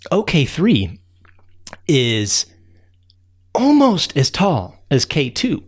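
A man voicing a chatty male raccoon who tells a rambling, excitable tall tale, full of fillers and sound effects, with a gravelly voice. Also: fairly high pitch, full character voice. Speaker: storyteller.

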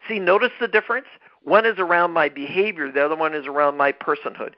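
A man with a somewhat high voice hosts a podcast on leadership, talking emphatically and circling back over his phrases. The sound is a bit dull and lo-fi. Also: very animated, a little fast. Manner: emphatic, repeats phrases, restarts mid-word. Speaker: podcast host. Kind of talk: motivational leadership talk.

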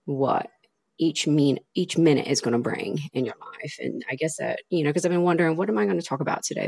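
Heartfelt and rambling, full of fillers and restarts, this podcast host delivers a casual monologue on her own show. Her voice sits low, gravelly and a little mellow with a breathy edge, and there's no echo.

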